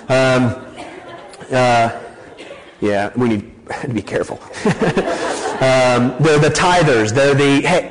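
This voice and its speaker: Male preacher, mid-pitch, lively teaching sermon with jokey asides and lots of okays. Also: poor audio. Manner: animated, rising emphasis with frequent rhetorical okays and light joking. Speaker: pastor.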